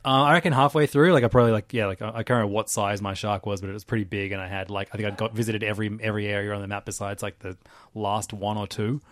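Fast-talking lower-voiced man. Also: steady tone, no room sound. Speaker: podcast co-host. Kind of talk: casual chat about video games.

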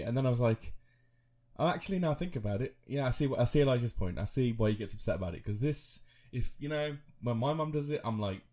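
A man's voice: medium pitch, expressive, brisk, warm tone. Giggly, rambling thirty-something podcast man. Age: 30s. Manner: laughing, rambling, self-mocking storytelling. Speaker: podcast co-host. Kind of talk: casual chat.

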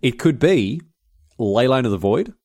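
An Australian man co-hosting a podcast in casual chat, animated and quick to exclaim. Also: medium pitch. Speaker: podcast co-host.

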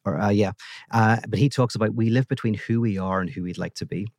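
A man with a lowish voice speaks as a guest philosopher on a podcast. He explains ideas through lively stories, often restarting his sentences. The recording is dry and close. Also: fast talker, no echo. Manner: animated storytelling with frequent restarts. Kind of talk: podcast conversation.

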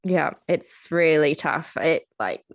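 Woman podcast host, low voice, friendly and chatty, dry close sound. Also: lively intonation, slow pace, no room sound. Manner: friendly and chatty, laughs often. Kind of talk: casual interview chat and scripted sign-off.

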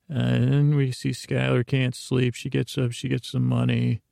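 A man's voice: mid-range voice, level tone, normal speed, vocal fry, few pauses, warm tone, no echo, studio quality. A man hosting a podcast, retelling a story in a meandering, drowsy way, full of fillers and restarts. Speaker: podcast host. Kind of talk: rambling bedtime retelling.

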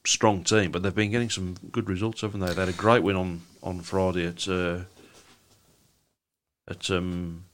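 A very deep-voiced man chats easily as a podcast co-host. He thinks aloud, with plenty of ums and unhurried pauses. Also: slight background noise. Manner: relaxed, thoughtful, many ums. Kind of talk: casual chat about speedway.

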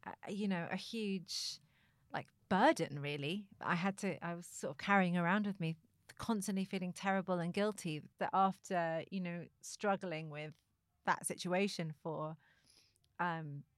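A woman's voice: lowish voice, measured pace, no echo, studio quality. Earnest woman telling a personal story. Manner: earnest, animated, laughs often. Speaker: podcast host.

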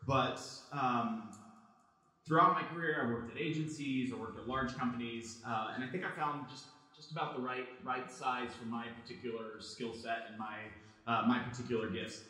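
A man speaking at a middle pitch in a relaxed, chatty way, with a touch of self-deprecation. His voice rings out in a strongly echoing room. He sounds like a host easing into conversation with his audience. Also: normal speed, far from the mic. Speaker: podcast host and design leader. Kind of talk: conversational podcast talk and live conference presentation. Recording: very echoey room.

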